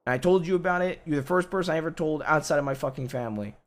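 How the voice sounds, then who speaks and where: A man playing a loud, worried husband in an in-game roleplay, talking bluntly and swearing a lot. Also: a little high, rapid-fire, natural voice.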